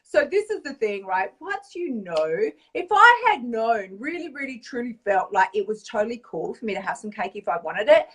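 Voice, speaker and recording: Chatty animated woman coach. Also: on the high side, normal speed, hardly any pauses, breathy edge, far from the mic. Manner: animated, chatty storyteller, tag questions. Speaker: weight-loss coach. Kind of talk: casual vlog monologue.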